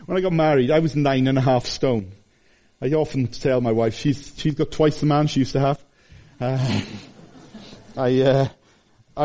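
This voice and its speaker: A man in his fifties, from Wales, preaching a conversational sermon that swings between high exclamations and hushed asides. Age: 50s.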